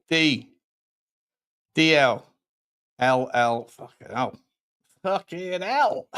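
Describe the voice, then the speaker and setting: A young man hosts a casual live stream, his voice sitting somewhat high. He talks loosely, reads viewer comments aloud, swears freely and laughs often. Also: gravelly, fairly bright tone. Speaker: host.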